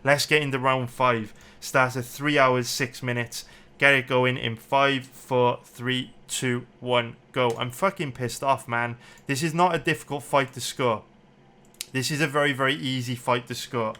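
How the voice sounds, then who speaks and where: The betting analyst's voice is medium in pitch, flat, and sharp, and he keeps a measured pace. Even so, his round-by-round MMA fight breakdown is angry commentary, full of swearing and repetition as he gets worked up.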